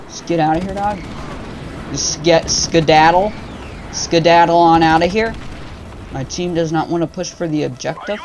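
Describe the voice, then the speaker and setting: A man's voice: fairly high pitch, moderate pace, a little hiss or hum. Slangy, trash-talking young gamer guy. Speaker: gaming channel host. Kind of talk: live gameplay commentary.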